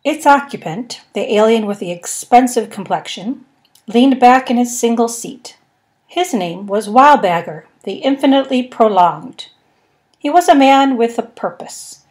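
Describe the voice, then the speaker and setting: A woman narrating a comic science fiction novel in a measured, wry storytelling manner. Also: on the high side, animated, darkish tone. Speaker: podcast narrator. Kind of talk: audiobook reading.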